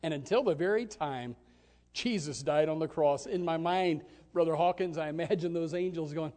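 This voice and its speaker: A man preaching a sermon with passion, jumping from loud exclamations to hushed lines and repeating words at the start of phrases. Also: on the high side, moderate pace.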